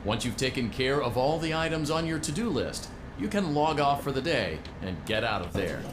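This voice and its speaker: An actor playing a game character who calmly briefs a new employee on his shift duties in a scripted voice-over. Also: medium pitch, moderate pace, lightly acted. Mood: instructive. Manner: calm instructional briefing. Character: male manager giving a night-shift briefing. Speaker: game guide voice on a phone recording. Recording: game audio with loud background noise.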